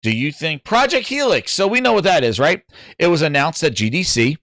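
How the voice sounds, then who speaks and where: A man with a New York accent hosting a casual gaming livestream, animated and jokey, repeating words for emphasis. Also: a little high, brisk, dry recording, clean studio sound. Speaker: livestream host.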